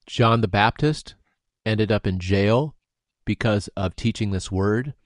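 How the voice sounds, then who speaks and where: A man's voice: on the low side, takes it slowly, no echo, clean studio sound. A man discussing scripture, explaining word meanings and using everyday examples. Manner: explanatory, uses homely examples.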